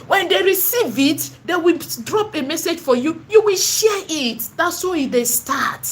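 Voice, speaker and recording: A woman's voice: extremely high pitch, animated, a little slow. A woman with a Nigerian accent gives an impassioned preaching monologue in her vlog. She is emphatic and repetitive and slips into Pidgin and Igbo phrases. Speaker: online seller and spiritual vlogger.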